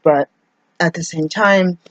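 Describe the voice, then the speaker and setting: A woman's voice: fairly low pitch, slow pace, no echo. A woman talking through a personal confessional monologue as a vlogger. She rambles and hesitates, restarting her sentences often. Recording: dull, dry lo-fi recording.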